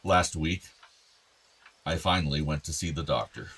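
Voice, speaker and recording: An actor playing an ailing older father in a radio drama, soft-spoken, tender and apologetic. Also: extremely low pitch, normal speed, slightly rough, full character voice.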